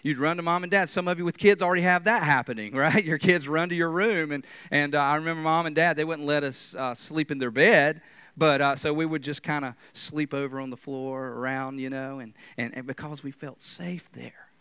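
A man preaching a sermon, moving from loud, emphatic lines to hushed whispers. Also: on the high side, steady tone, brisk, smooth, no room sound.

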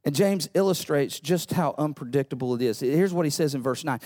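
A man preaching a sermon as pastor, animated, repeating himself and asking the congregation rhetorical questions. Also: fairly high pitch, fairly quick, hardly any pauses.

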